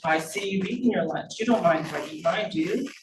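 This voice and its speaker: A gentle old immigrant janitor speaks in a warm, friendly way, as a woman reads him. The voice sounds distant, with room echo around it. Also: lowish voice, brisk, background noise, lightly acted. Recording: roomy, distant mic.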